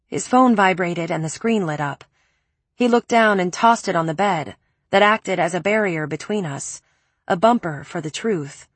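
Husky woman narrating an audiobook. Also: fairly low pitch, normal speed, no room sound. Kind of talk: first-person audiobook narration.

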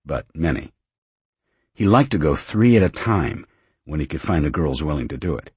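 A man reads an audiobook in an extremely deep voice, measured and plain. His tone is heavily husky and raspy, recorded dry and close. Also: big pitch swings, a little mellow, no echo. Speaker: audiobook narrator. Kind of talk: scripted narration.

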